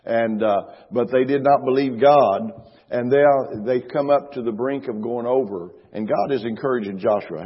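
Middle-aged male pastor, husky, preaching emphatically in a big reverberant church hall. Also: medium pitch. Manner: emphatic preaching, slows and stresses scripture, repeats phrases. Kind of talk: sermon. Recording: reverberant hall, dull lo-fi sound.

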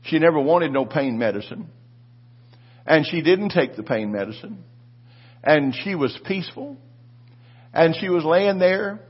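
Man, pastor, fervent sermon storytelling, husky voice, muffled lo-fi recording. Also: on the high side, expressive, unhurried, long pauses. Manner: fervent, repetitive preaching with call-and-response.

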